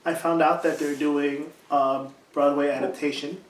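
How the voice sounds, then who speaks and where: A man's voice: fairly high pitch, level tone, normal speed, recorded from a distance. A man co-hosting a podcast, chatting casually with short, dry, teasing remarks. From New York. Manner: brief reactions, dry teasing. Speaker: podcast co-host. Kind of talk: casual chat. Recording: echoey room, off-mic, faint hiss.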